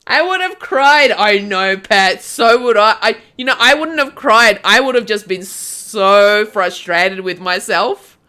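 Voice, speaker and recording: A woman's voice: mid-range voice, lively intonation, slow pace, smooth. A woman streamer chatting casually with her viewers while she knits, giggling often and reading their names aloud. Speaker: craft streamer. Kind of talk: casual chat while knitting. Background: soft music.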